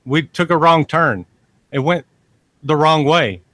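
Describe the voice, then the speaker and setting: A man spins a long, meandering story as a podcast guest, looping back over his points and dropping the odd curse. He takes his time, drawing out his words at an unhurried pace. The sound is close and dry, with no room around it. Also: on the high side, bright, forceful tone, dry recording. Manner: rambling, repeats himself and curses freely. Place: lives near a large army base in Texas.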